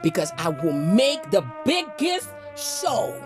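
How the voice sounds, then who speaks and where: A high-pitched woman vlogger ranting through her gossip commentary. She is outspoken and indignant, throwing in exclamations like "Lord have mercy." Faint music plays under her voice. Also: sing-song, takes it slowly.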